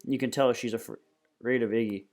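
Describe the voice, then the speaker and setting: A man reading a novel aloud in plain, steady storytelling. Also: medium pitch, a little fast. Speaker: reader.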